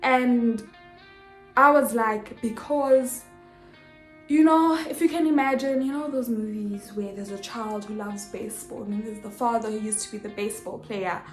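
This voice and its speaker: Woman, young adult, expressive storyteller, slightly high voice, echoey room. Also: normal speed. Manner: animated, expressive, acts out dialogue. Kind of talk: casual storytelling vlog. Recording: echoey room with faint music.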